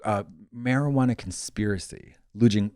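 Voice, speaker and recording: A man's voice: fairly low pitch, normal speed, darkish tone, no room sound, clean studio sound. A man co-hosting a podcast, talking frankly and rambling in casual chat. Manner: frank, rambling, lots of fillers. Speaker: podcast co-host.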